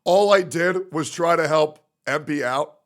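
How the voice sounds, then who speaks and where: A man's voice: on the high side, unhurried, a bit bright. A man livestreaming, ranting in a profane, sarcastic way. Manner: profane, sarcastic, acts out mocking impressions. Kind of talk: livestream rant.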